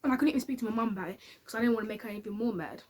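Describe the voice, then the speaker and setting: Brief: woman, chatty storytime vlogger, quick delivery, slightly high voice. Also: darkish tone. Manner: chatty and candid, with many fillers. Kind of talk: casual storytime monologue.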